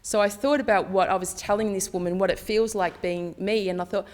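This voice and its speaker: A woman's voice: mid-range voice, steady tone, a little fast, a little mellow. Candid woman telling stories. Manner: candid, chatty, acts out dialogue in her stories. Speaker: conference speaker. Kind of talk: personal storytelling presentation.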